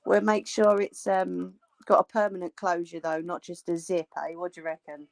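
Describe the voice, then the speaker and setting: A woman's voice: fairly low pitch, flat delivery, moderate pace, creaky, few pauses. A woman hosting a live crafting stream, chatting casually and joking with viewers as she sews, a little tired. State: tired, yawning. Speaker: crafting livestream host. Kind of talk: casual chat while sewing live.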